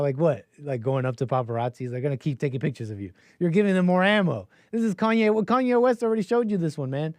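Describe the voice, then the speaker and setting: Chatty rambling man, slightly high voice. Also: lively intonation, fast talker, a little mellow, no echo. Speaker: call-in show host. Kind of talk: casual livestream chat.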